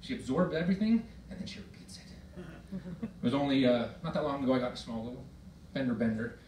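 A middle-aged man performing stand-up comedy, telling stories in an exasperated way with shouted outbursts. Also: mid-range voice, expressive, fast talker. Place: performance hall with a live audience. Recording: roomy hall recording from far off, loud noise.

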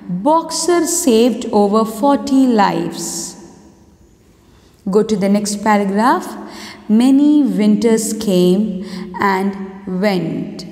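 A woman's voice: on the high side, mellow. A woman teacher with an Indian English accent, reading a story aloud in an online class and stopping to explain words. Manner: reads aloud slowly, stops to explain words. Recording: echoey room with long reverb.

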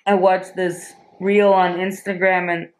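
A woman's voice: fairly low pitch, little pitch movement, a little slow, slight background noise. A woman hosting a casual home vlog from her living room, chatting and laughing often. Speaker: vlog host.

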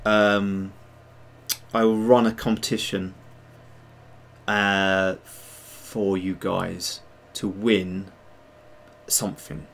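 A man's voice: low voice, little pitch movement, extremely slow, gravelly. Chatty man on a livestream. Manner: rambling, chatty, many fillers and restarts. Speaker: livestream host and digital sculptor. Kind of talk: casual livestream chat.

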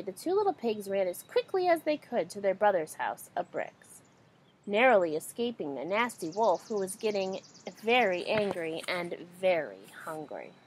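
A woman reading a children's story aloud in an animated, expressive way. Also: medium pitch, breathy edge, rough recording. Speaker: storybook reader.

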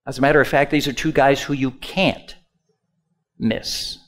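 A male pastor preaching a sermon, swinging from loud emphatic lines to hushed asides and having the congregation repeat words after him. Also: mid-range voice, steady tone, unhurried.

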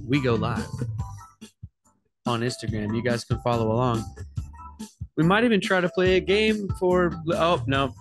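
A man's voice: mid-range voice, measured pace, pauses often, music in the background. A man hosting a morning radio show, joking around and slipping into mock salesman voices. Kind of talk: playful morning radio banter.

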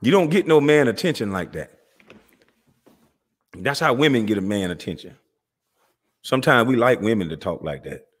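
A man's voice: lowish voice, expressive, normal speed, pauses often. A man hosting his own channel, delivering a heated, confrontational monologue in street slang. He mocks listeners and repeats himself as he calls them out. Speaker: channel host.

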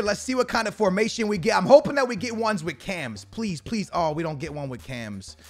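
A young man giving casual, slangy commentary on a video game, bursting into shouts at big moments. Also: on the high side, lively intonation, moderate pace, hardly any pauses, soft background music. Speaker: gaming YouTuber.

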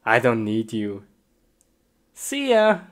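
A woman's voice: rumbling low, wildly swooping pitch, drawn-out words. A woman in a comedy sketch who gives exaggerated cries of frustration and talks in broken, simple English. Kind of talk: self-narrated comedy sketch. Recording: noisy recording.

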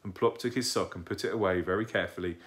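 A man calmly reading a children's book aloud as narrator. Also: sits low, fast.

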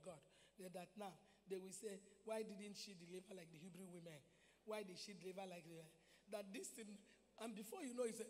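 A woman with a Nigerian Igbo accent preaching a sermon at a convention, impassioned and at times shouting exhortations. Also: medium pitch. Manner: impassioned, shifts between speaking and shouting exhortations. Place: convention hall. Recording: long hall reverb.

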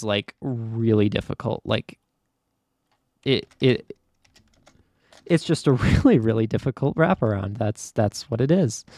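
A man chats through his gameplay in a casual, excitable way, often stammering and thinking aloud. His voice sits at a middle pitch. The sound is dry and close, with keyboard typing in the background. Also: dry recording. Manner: talks to himself, stammers, excitable. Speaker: gaming YouTuber.

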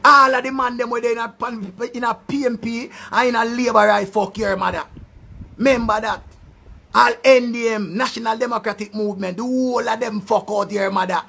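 A man with a Jamaican accent ranting loudly in a commentary, throwing insults in patois. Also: extremely high pitch, fairly even intonation, fairly quick, creaky, husky. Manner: loud, insulting rant in patois. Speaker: online commentator.

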